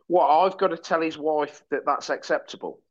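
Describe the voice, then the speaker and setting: A man chatting on a podcast as a pundit, cracking deadpan jokes and working himself into mock rants. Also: on the high side, moderate pace, highs cut off. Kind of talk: casual chat.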